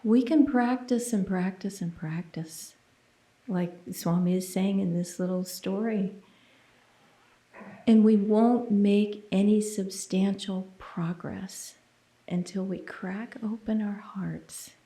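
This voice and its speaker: A woman preaches at an unhurried pace, telling a personal testimony in an earnest, intimate way. Her voice sits at a middle pitch and now and then drops to a hushed near-whisper. The sound is roomy and echoey, as in a church sanctuary. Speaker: minister giving a sermon.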